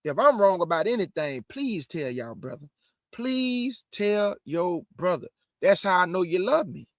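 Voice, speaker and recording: During a livestream sermon, a male online Bible teacher speaks rapidly, conversationally and emphatically, repeating key phrases. He is very animated, his voice high for a man, and the close-miked recording is dry with no echo.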